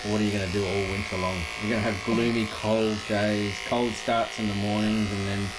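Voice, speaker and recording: A man's voice: on the low side, level tone, a little fast. A man chatting casually with his partner, in a teasing, matter-of-fact way. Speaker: partner of the host. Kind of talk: casual chat. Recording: loud background noise.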